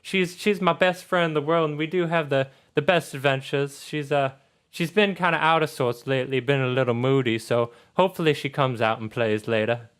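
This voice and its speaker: A man voicing a chatty, tearful young girl in a tabletop game, speaking gently and haltingly. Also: clear, resonant tone, natural voice. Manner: gentle, halting, high childlike voice.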